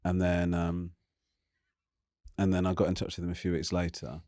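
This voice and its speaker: A man's voice: deep voice, completely flat delivery, normal speed, dark tone, no echo, clean studio sound. A man in his forties hosting a casual chat, self-deprecating, often restarting his sentences and swearing. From England. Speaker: host.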